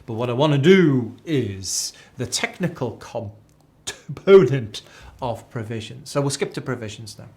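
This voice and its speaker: A man's voice: mid-range voice, expressive, a little slow, few pauses, a little mellow. Chatty man drilling exam technique. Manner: chatty, repeats key phrases like a drill. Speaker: accounting tutor. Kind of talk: live exam tuition lecture.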